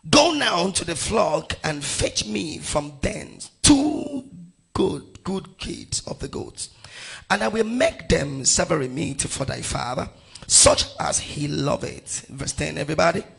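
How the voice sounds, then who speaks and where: A middle-aged male pastor from Nigeria leading his congregation through a Bible passage verse by verse, calling out each verse and rising to shouts on key lines. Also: fairly high pitch, very animated, takes it slowly, vocal fry, slightly rough. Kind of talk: sermon with congregational scripture reading.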